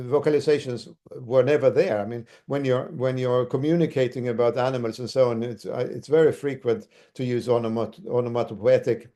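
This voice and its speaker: A man giving an academic lecture as a university lecturer, speaking haltingly with many restarts. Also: mid-range voice, mellow.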